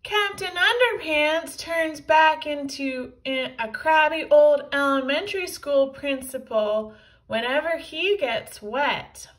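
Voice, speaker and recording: A woman voicing a loud, gloating male villain who shouts his lines. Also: sits high, slow, voice pushed up, poor audio. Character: loud boastful male villain robot-suited.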